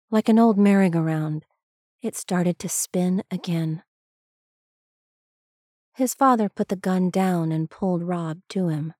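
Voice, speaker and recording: Slow-reading woman narrator. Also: fairly low pitch, no room sound, clean studio sound. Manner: slow, even storytelling. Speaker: reader. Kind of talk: scripted narration.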